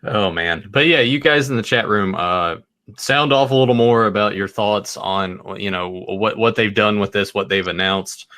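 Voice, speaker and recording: Male podcast host, casual and bright, asks easy questions, dry recording. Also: lowish voice, normal speed, dry recording. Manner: easygoing, prompting questions.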